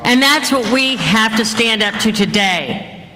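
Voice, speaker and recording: A woman speaking at a town hall, giving earnest, measured public remarks. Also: fairly high pitch, lively intonation, sharp tone. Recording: echoey hall, distant mic, faint noise.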